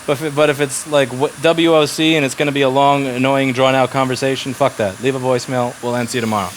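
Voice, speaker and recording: A man's voice: mid-range voice, steady tone, quick pace, slight background noise. A man running a repair shop, giving blunt, profane instructions to his staff in casual workplace talk.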